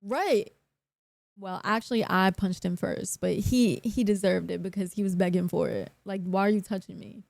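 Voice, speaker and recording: A young woman, telling a story on a live stream in a casual, animated, profane way and acting out other people's lines. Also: mid-range voice, moderate pace, vocal fry, no room sound, studio quality.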